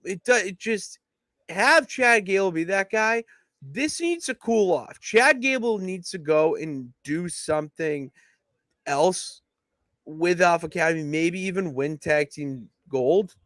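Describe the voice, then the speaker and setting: Young male podcast co-host, slightly higher voice, emphatic, dry close sound. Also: a little slow, no echo. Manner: emphatic, animated booking pitches. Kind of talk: casual wrestling analysis chat.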